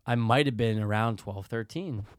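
A man's voice: lowish voice, normal speed, dry recording, clean studio sound. A young man in crude, casual podcast chat, candid and a bit defensive. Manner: candid, defensive, laughs at himself.

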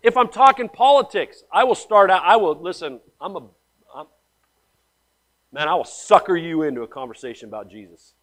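A male pastor preaching with animated storytelling, dropping to hushed asides and then rising loud for emphasis. His talk is blunt and slangy, full of casual address to the congregation, carried on a somewhat high voice. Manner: blunt, slangy, calls listeners man and guys. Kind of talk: sermon.

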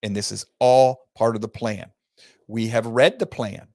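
A man hosting an opinionated talk show. He reads news aloud and breaks into heated, loud rants. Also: lowish voice, fairly even intonation, a little slow, no echo, clean studio sound. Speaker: host.

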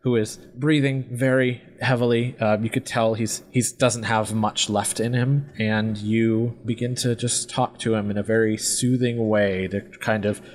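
A man's voice: fairly low pitch, flat delivery, measured pace, hardly any pauses. A young man narrating a tabletop game as game master, casual and full of fillers.

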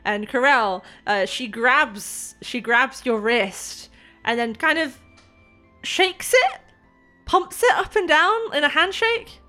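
A woman's voice: high voice, animated, slow, bright, forceful tone, soft background music. A woman narrating as game master of a tabletop game in a casual way with many fillers.

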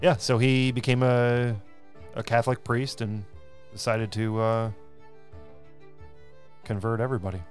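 A man co-hosting a podcast, casually retelling history, relaxed and quick to joke. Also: mid-range voice, faint music behind. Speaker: podcast co-host.

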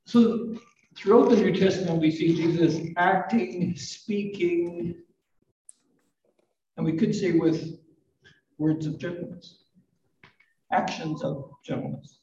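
A man in his fifties or older preaching a live sermon, gentle and reflective, with light self-deprecating humor. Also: sits high, slow pace, long pauses, slight background noise. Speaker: pastor. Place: church hall at a live service. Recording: roomy, distant, dull live recording.

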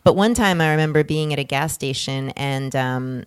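A woman's voice: low voice, moderate pace, smooth. A woman from the Northeastern US co-hosting a podcast in a playful, casual chat, laughing often. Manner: playful, laughs often, talks openly about cursing. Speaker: podcast co-host.

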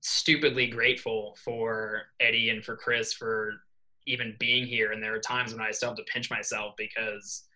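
A man's voice: on the low side, normal speed, rough recording. A young man from New York, a swim coach, telling a story in a casual podcast interview and acting out the dialogue. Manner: animated, acts out quoted dialogue. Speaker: assistant swim coach, guest. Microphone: podcast microphone.

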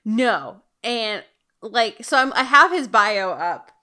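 Bright-voiced chatty woman co-host. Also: fairly high pitch, slow pace. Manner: chatty, animated, laughs often. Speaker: podcast co-host. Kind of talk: casual chat.

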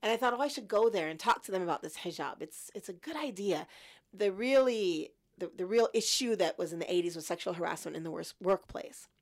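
A woman in her fifties recounting her story as an interview guest, reflective and lively when quoting her past thoughts. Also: on the low side, fairly quick. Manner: reflective, animated in quoted thoughts.

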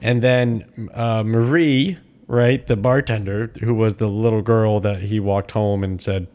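A man's voice: lowish voice, steady tone, unhurried, few pauses, a little mellow. A man in casual chat, animatedly retelling a film scene with plenty of swearing.

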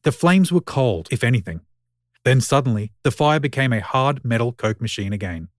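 A man reading a short story aloud in scripted narration, with an even, wry storytelling manner. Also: medium pitch, moderate pace, no echo, studio quality.

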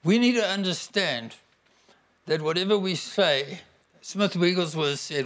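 A man's voice: high-pitched, expressive, a little slow, a bit bright. A man preaching a conversational sermon, declaring scripture with emphasis.

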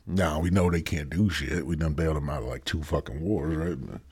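A man's voice: extremely low pitch, brisk, a little mellow, slightly rough. A man hosting his own podcast, rambling and joking in a profane, casual monologue. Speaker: podcast host.

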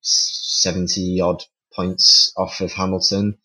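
A man's voice: low voice, little pitch movement, slow, sharp tone, rough recording. A man on a casual panel, giving his opinion in rambling sentences full of restarts and the odd laugh at himself. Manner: rambling, many restarts, self-deprecating laughs.

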